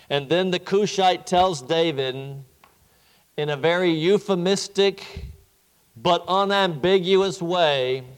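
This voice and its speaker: Slow earnest male preacher in a hall. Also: a little high. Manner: slow, earnest expository preaching with repeated words. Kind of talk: sermon.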